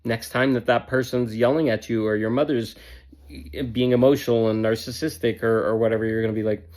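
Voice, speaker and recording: A man's voice: medium pitch, fairly even intonation, fairly quick, darkish tone. Emphatic blunt self-help man. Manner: emphatic, repetitive, blunt with casual swearing. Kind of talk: motivational self-help talk.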